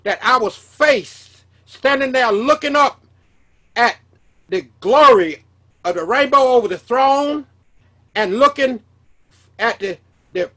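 A man's voice: extremely high pitch, sharp tone. A man, telling a personal testimony as a sermon in an earnest way, often repeating and restarting his words. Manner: earnest storytelling with repetitions and restarts. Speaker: preacher.

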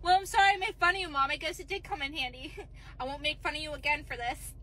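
A whiny young daughter, played by a woman who complains and sulks at every letdown. Her voice is very high and drawn out, and she pushes her words up in pitch whenever she gets upset. It plays as a short comedy sketch. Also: fairly even intonation, fast, sharp tone, echoey room.

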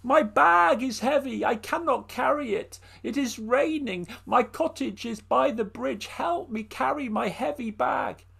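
A man's voice: very high voice, a little slow, gravelly, hardly any pauses, fairly bright tone, breathy edge, pitched above the performer's own voice, exaggerated voice. A man voicing a drenched, frail old woman who begs for help in a told story. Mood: pleading.

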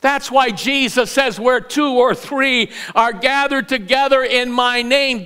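A middle-aged male pastor preaching a sermon, swinging from loud raised bursts to quiet low asides and repeating words as he builds a point. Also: fairly even intonation, unhurried, hardly any pauses, clear, resonant tone. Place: church sanctuary.

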